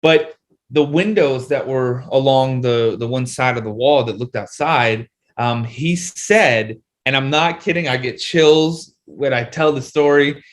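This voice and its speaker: A man's voice: medium pitch, unhurried. Rambling man telling a ghost story. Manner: rambling, many fillers and restarts. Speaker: guest, paranormal content creator. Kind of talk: casual storytelling in an interview.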